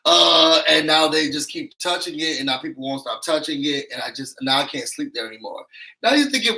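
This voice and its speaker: Male show reviewer, bright and sassy, emphatic, slightly high voice. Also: animated, moderate pace, creaky, poor audio. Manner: sassy, emphatic, acts out quotes. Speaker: YouTube reality-show reviewer. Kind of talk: animated recap commentary.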